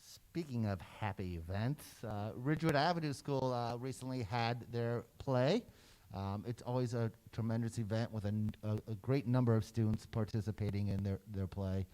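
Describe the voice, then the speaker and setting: A man on a school board introducing a guest in measured remarks. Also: medium pitch, warm tone, poor audio.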